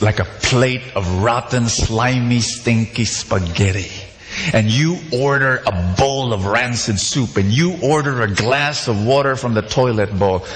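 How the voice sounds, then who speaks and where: A man's voice: mid-range voice, slight background noise. A man preaching a sermon, leading call-and-response and acting out the characters in a story. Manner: animated storytelling, acts out characters. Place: large church hall. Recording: echoey hall, faint ambience.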